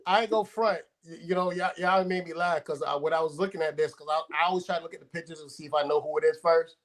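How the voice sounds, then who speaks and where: A man from Jamaica co-hosting a sports podcast in casual, excitable chat. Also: fairly high pitch, quick pace.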